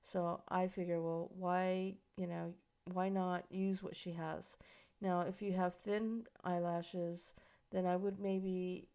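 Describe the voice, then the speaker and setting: A woman's voice: fairly low pitch, level tone, slow, dark tone, smooth. A woman makeup instructor giving a casual, chatty tutorial, explaining each step as she works on a model. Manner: chatty, explains while working, many fillers.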